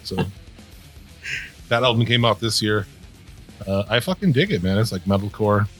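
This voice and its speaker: A man with a fairly low voice talks in loose, profane podcast banter, blunt and sure of his opinions. Faint music plays quietly underneath. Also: moderate pace. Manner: blunt, opinionated, swears a lot. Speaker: podcast co-host. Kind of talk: casual profane chat.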